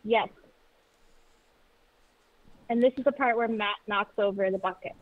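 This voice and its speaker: A woman's voice: mid-range voice, measured pace, no room sound. A woman chatting as a player during a board game stream. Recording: tinny phone-like line.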